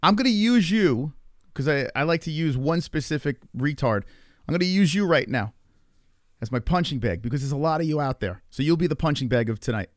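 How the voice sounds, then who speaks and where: A man's voice: a little high, lively intonation, a little fast, no room sound, studio quality. A man streaming a rambling, profane monologue with an exasperated manner. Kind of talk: ranting casual monologue.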